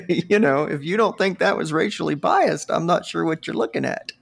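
Gravelly northern US man telling stories. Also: on the high side, moderate pace. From northern United States. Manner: animated, swearing, laughing storyteller. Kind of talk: casual storytelling chat.

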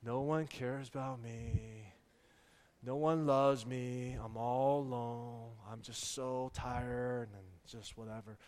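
A man's voice: fairly even intonation, darkish tone, lightly acted. A man doing a sulking six-year-old boy. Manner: slow, low and mumbling.

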